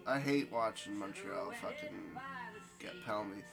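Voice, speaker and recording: A man's voice: on the low side, moderate pace, vocal fry. A young man co-hosting a podcast in laid-back, profane, agreeable chat. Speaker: podcast co-host. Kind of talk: casual chat. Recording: music playing behind.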